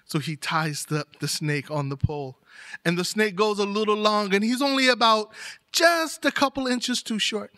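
A man telling a folktale aloud with animated, rhythmic repetition. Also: sits high, normal speed. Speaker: storyteller. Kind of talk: oral folktale storytelling.

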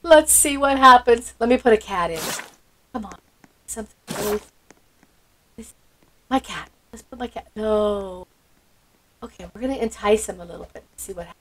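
A woman's voice: mid-range voice, moderate pace, pauses often, a bit bright, slight background noise, poor audio. A woman hosting a gameplay video, gushing with sweet enthusiasm and gasping often. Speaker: channel host. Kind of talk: excited gameplay commentary.

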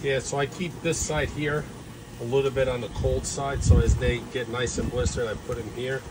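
A man giving a relaxed, chatty cooking demonstration, talking viewers through each step with lots of fillers and asides. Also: medium pitch, normal speed. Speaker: home cook showing a recipe. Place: kitchen, then an outdoor backyard grill. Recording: outdoor background noise.

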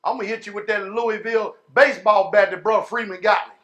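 A man preaching a sermon as pastor to his congregation, drawing words out slowly, then bursting into shouts, folksy and direct with the people in front of him. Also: high-pitched, fairly even intonation.

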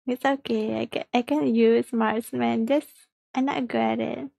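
A woman's voice: fairly high pitch, gravelly, mellow, dry recording. A woman livestreaming a mobile game, chatting casually with viewers, reading chat aloud and giggling often.

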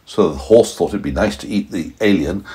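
A man's voice: a little fast, breathy edge. A man improvising a playful bedtime story for a small child at home. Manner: animated, playful, pitch swooping for emphasis. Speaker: parent storyteller.

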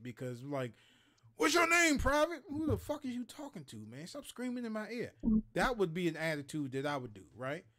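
Man telling stories, lively and profane, acts out quotes, fairly high voice. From Maryland, US. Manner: animated, profane, acts out quotes and sound effects. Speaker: show host telling stories. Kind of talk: casual storytelling chat.

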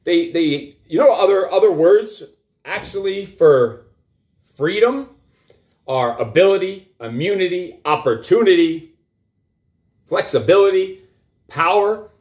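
A middle-aged male coach rants with raw energy, his voice sitting high and swinging wildly up and down. He swears constantly and drives points home by repeating them. The talk is blunt and emphatic, built to pump listeners up. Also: expressive, unhurried, pauses often, darkish tone. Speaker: coach and show host. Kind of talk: profane motivational rant.

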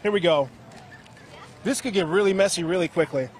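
A man's voice: high voice, brisk, slight background noise. A man reporting live from an outdoor fair for a morning TV show, playful and coaxing as he hosts a food tasting. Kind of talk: live on-location TV segment.

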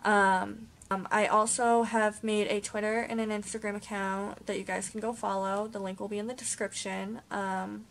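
A young woman vlogging casually to camera at home, rambling with many pauses and ums. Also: mid-range voice, little pitch movement. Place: home, indoors.

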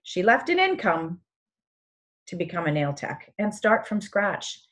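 A woman's voice: fairly low pitch, big pitch swings, measured pace, fairly bright tone. A middle-aged woman hosting a beauty show, chatting enthusiastically and getting choked up at times. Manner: enthusiastic, gets emotional and tearful. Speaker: show host. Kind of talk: casual chat.

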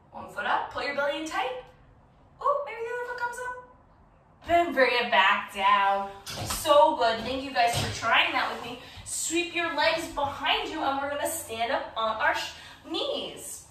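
Woman, kids' yoga teacher, bright high voice, playful and encouraging, heard from afar in a very echoey room. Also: sing-song, moderate pace, far from the mic. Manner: playful, encouraging, sing-song. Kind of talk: guided kids yoga instruction.

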